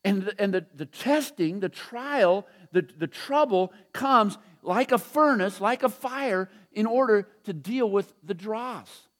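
Middle-aged male preacher, high voice, casual storytelling sermon, drags out key lines for weight. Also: animated. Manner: conversational storytelling preacher, chuckles often, slows down to stress points. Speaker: pastor.

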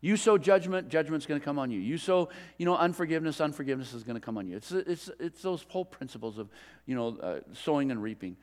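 A middle-aged man preaching a sermon as a pastor, telling a story in a relaxed, conversational way. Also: a little high, fast. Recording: long reverb of a large hall.

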